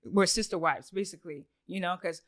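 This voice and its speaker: A woman guest on a podcast, telling a story casually in a rambling, filler-heavy way with lots of swearing and animated acted-out quotes. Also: on the low side, fairly quick, dry recording, studio quality.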